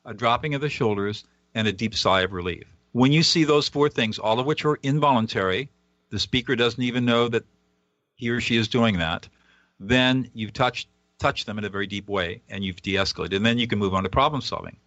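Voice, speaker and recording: A man's voice: mid-range voice, brisk, fairly bright tone, dry recording, dull audio. A man, a guest author on a radio interview, explaining a method earnestly and at times acting out example dialogue.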